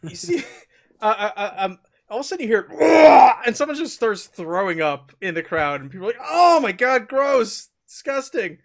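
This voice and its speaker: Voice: mid-range voice, expressive, quick pace, fairly bright tone. A game master casually narrating a tabletop game, often breaking into laughter.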